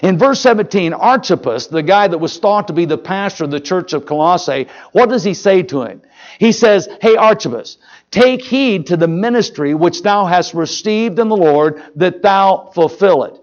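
A male preacher delivers a lively, folksy sermon, peppering the congregation with questions. His voice sits high for a man. The church recording is muffled and lo-fi. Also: normal speed. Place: church sanctuary.

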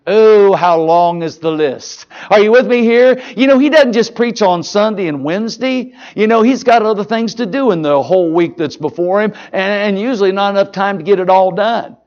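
High-voiced folksy preacher. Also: male voice, normal speed, hardly any pauses, highs cut off. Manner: folksy, animated preaching with direct questions to the congregation. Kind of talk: sermon. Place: church sanctuary.

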